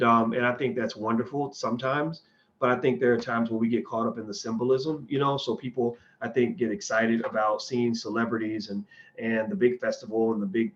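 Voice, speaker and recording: A man hosts a casual livestream, answering viewer questions in a blunt, opinionated way. He talks in loose, rambling runs and keeps restarting his sentences. His mid-pitched voice comes through dull, lo-fi stream audio. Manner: rambling and conversational, with frequent restarts.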